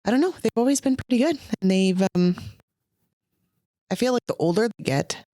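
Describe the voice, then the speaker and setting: A woman chatting casually as a podcast co-host, relaxed and agreeable. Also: fairly high pitch, fairly quick, no echo, studio quality. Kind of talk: casual chat.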